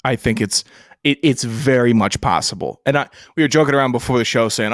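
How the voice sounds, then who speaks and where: A man's voice: mid-range voice, a little fast, a bit bright, no echo, clean studio sound. A man co-hosting a sports podcast in casual chat, emphatic and given to repeating himself for effect. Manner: emphatic, repetitive, builds rhetorical lists. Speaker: podcast co-host.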